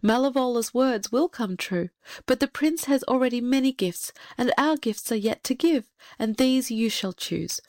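Lady reading as a soft solemn good fairy, slow and gentle, dry close audio. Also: a little high, expressive, no room sound, pitched above the performer's own voice, close to an everyday voice.

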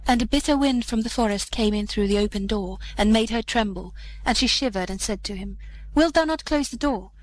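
A woman reading an old fairy tale aloud in a measured, gentle storytelling manner. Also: mid-range voice, fairly even intonation, slight background noise, low-quality recording. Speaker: narrator.

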